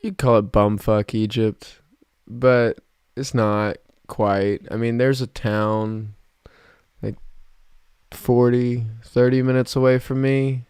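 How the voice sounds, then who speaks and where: In clean studio sound without room echo, a mid-range, slightly mellow and smooth voice speaks slowly with fairly even intonation. It belongs to a twentysomething livestream host from South Georgia who rambles through casual chat with viewers, using lots of fillers and restarts.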